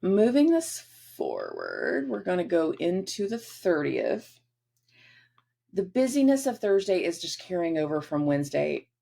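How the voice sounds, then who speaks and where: A woman's voice: fairly low pitch, wildly swooping pitch, measured pace, vocal fry, mellow. A woman hosting a casual astrology forecast, chatty and acting out quoted dialogue in different voices.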